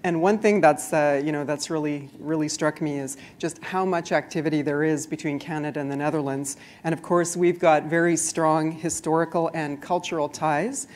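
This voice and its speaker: Low-voiced woman giving a presentation. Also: darkish tone. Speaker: diplomat presenting. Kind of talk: conference presentation. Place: conference room before an audience.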